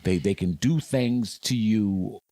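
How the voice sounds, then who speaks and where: An older man with a very low, deep, mellow voice speaks slowly as a guest in a podcast interview, sounding like a veteran sportscaster. He's an emphatic, dramatic storyteller who leans hard on his key lines, recorded dry and close with no room echo.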